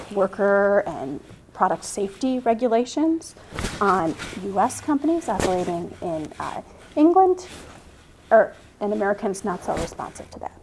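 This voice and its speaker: Woman in her fifties, law professor, classroom lecture, mid-pitched, questioning, restarts mid-sentence. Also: noisy background.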